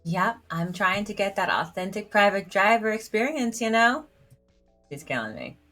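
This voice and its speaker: A woman streams a story game and reads its dialogue aloud, chatty and giggly, stuffing her talk with "like". Her voice is mid-range, expressive and a bit bright, at a normal speed, with faint music behind her.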